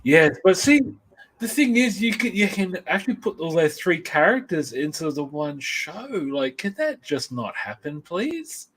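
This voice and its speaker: A man's voice: a little high, sing-song, normal speed, fairly bright tone. Man, casual co-host, eager, rambling, restarts sentences. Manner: rambling, enthusiastic, many restarts. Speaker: podcast co-host. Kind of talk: casual chat about comics and films.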